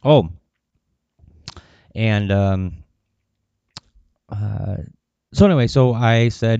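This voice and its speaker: Gravelly low-voiced man rambling in a vlog. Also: drawn-out words, long pauses, dark tone, no room sound, highs cut off. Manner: rambling, profane, with many fillers. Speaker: vlogger. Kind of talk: casual personal vlog.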